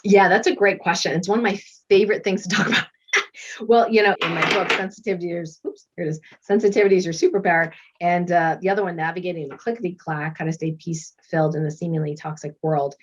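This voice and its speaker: A middle-aged woman, a doctor and author, chatting as an interview guest and telling lively stories. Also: lowish voice, fast, husky. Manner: lively storyteller who acts out quoted voices and laughs often. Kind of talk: casual interview chat. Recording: dull lo-fi recording.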